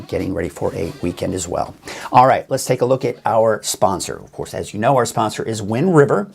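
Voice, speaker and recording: A man's voice: on the low side, gravelly, a little mellow, slightly rough. A male weather forecaster hosting a live show, talking viewers through the forecast in a chatty, explaining way. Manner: chatty, explains as he goes, addresses viewers directly.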